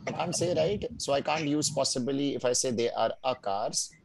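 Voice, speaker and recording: A male German teacher leads a beginners' class at a steady, mid-range pitch. He sounds patient and breaks words down slowly. He keeps asking his learners "right?" to check they follow. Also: gravelly, no echo, low-quality recording. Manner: drills pronunciation slowly, word by word. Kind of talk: live online language class.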